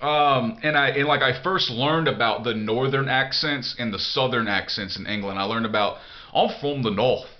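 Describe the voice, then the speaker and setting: Blunt male vlogger, profane and rambling, average pitch, muffled lo-fi recording. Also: normal speed, hardly any pauses. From United States. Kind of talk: casual monologue answering a viewer email.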